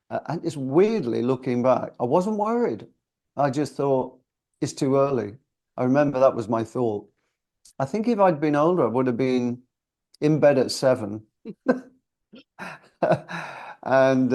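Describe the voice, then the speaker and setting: A man in his sixties from the UK, chatting as an interview guest in a loose, storytelling way. His voice is warm and dark, with a gravelly fry running through it. He comes across as reflective and gently self-deprecating. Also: mid-range voice. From United Kingdom. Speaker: singer and guest.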